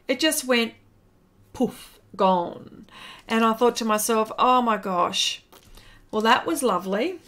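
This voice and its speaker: An Australian woman chatting casually on a live stream while she paints, greeting viewers by name and rambling with fillers. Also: on the high side.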